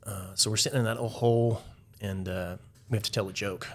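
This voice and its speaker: Low-voiced man telling casual stories. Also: steady tone, a little fast. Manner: rambling, heavy with "like" fillers, chuckles while telling stories. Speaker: podcast guest, Navy veteran. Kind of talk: casual storytelling interview.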